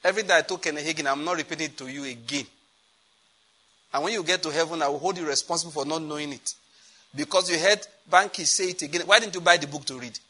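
A man preaching a lively sermon, acting out dialogue and breaking into laughter. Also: on the high side, quick pace.

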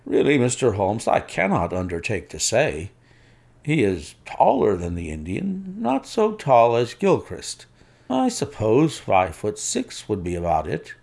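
A man's voice: lowish voice, wildly swooping pitch, a little slow, gravelly, a little mellow, heavily acted. A man reading an audiobook, voicing a fussy, anxious male college tutor who pleads earnestly. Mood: hesitant.

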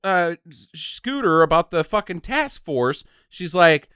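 A man's voice: fairly high pitch, big pitch swings, unhurried, few pauses, a bit bright, smooth, dry recording, studio quality. A man co-hosting a podcast, ranting and mocking as he recaps a movie, with lots of swearing. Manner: ranting, mocking, acts out characters in silly voices. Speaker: podcast co-host reviewing a movie. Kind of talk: profane casual movie recap.

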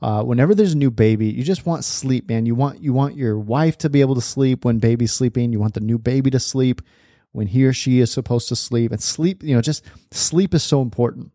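A man's voice: medium pitch, brisk, dark tone, no echo, studio quality. A man in his thirties hosting a podcast in a casual, chatty monologue, laughing often and calling listeners "man". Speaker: podcast host.

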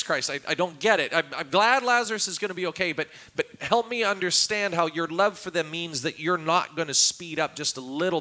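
Bright-voiced high male pastor preaching. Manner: dramatic, acts out quotes with raised voice. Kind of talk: sermon. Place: church.

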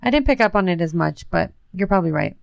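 A woman co-hosting a casual podcast, giggly and quick. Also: fairly low pitch, lively intonation, creaky, no room sound, highs cut off. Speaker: podcast co-host. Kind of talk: casual chat reviewing a TV show.

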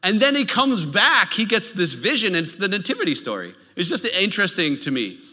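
Bright, animated preacher man in a reverberant hall. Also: sits high, a little fast. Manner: lively storytelling, checks in with the audience. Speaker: pastor. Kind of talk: sermon.

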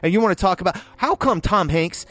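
Brief: lively, higher-pitched man, angry profane film rant, dry close mic. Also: a little fast, no echo. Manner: heated, swearing, loud outbursts. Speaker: podcast co-host. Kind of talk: profane ranting film review.

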